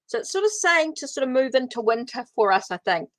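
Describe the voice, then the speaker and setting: A woman's voice: sits high, sing-song, fairly quick, no room sound. A woman with a New Zealand accent giving a casual tarot reading on a livestream, thinking aloud as she draws cards. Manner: chatty, thinks aloud while drawing cards. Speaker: tarot reader.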